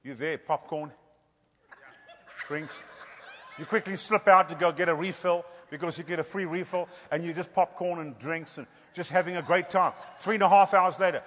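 A male preacher giving a humorous sermon, animated and joking, often tossing out a rhetorical "hello?" for laughs. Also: fairly high pitch, normal speed, long reverb tail.

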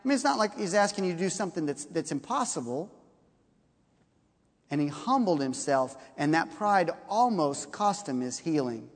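High-voiced preacher in a reverberant hall. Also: male voice, normal speed. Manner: animated storytelling, acting out characters' lines. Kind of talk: sermon.

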